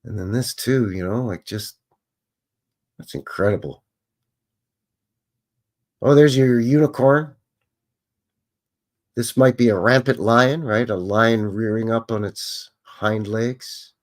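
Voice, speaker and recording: A Canadian man hosts a live show, joking and chatting casually as he reacts to old photos. His voice sits in the mid range, and he speaks slowly with frequent pauses.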